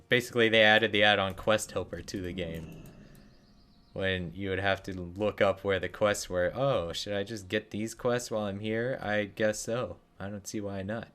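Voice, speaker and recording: A man's voice: on the low side, a bit bright. A young man streaming a game, giving casual commentary full of sarcastic jokes and muttered asides.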